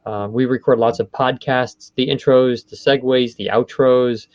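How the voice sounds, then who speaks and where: A man's voice: mid-range voice, fairly even intonation, a little slow, darkish tone, no echo. A man talking through how the voiceover business works, explaining at length and often backing up to rephrase. His voice sits in a middle range. The recording is dry and a little dull. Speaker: voice studio owner. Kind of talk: conversational interview.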